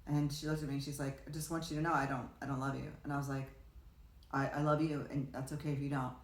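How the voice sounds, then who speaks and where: A woman's voice: a bass voice, little pitch movement, quick pace. A woman talking casually as a podcast guest, a rambling storyteller who restarts often and acts out quotes. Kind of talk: casual conversation. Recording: roomy echo.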